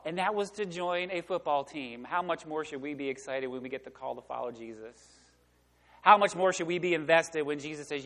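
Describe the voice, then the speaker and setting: A man's voice: a little high, a little fast, bright, forceful tone. Preaching man in a reverberant church. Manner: emphatic preaching, asks the congregation to fill in words. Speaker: pastor. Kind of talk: sermon. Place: church sanctuary.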